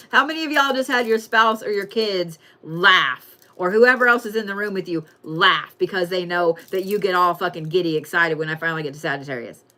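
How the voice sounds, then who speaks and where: A woman giving a casual, profane, excitable weekly zodiac reading and calling her viewers y'all. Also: fairly low pitch, normal speed. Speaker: tarot and astrology reader.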